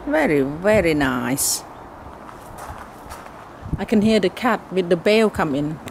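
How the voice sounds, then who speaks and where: A woman's voice: lowish voice, animated, slow pace, a little mellow, slight background noise. A Thai-accented woman, a native Thai speaker, giving a chatty tour of her home garden outdoors in simple broken English. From Thailand. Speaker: gardening vlogger.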